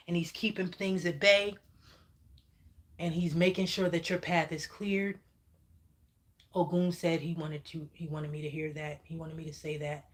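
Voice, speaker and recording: A woman with a slightly low voice delivering a channeled psychic reading on a livestream. She talks emphatically and keeps asking her viewers "okay?" When she gets worked up, she swears. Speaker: spiritual reader channeling messages.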